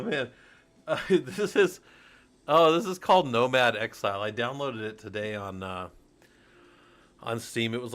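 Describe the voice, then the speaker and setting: A middle-aged man chats loosely on a livestream, drifting from thought to thought in an easygoing, rambling way. He swears freely, and his voice sits at an ordinary mid pitch. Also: fairly bright tone. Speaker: streamer. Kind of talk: casual livestream chat.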